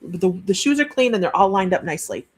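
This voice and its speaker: A woman's voice: medium pitch, big pitch swings, quick pace, slightly rough. A woman working as a psychic medium, giving a chatty live-streamed reading and relaying messages with frequent restarts.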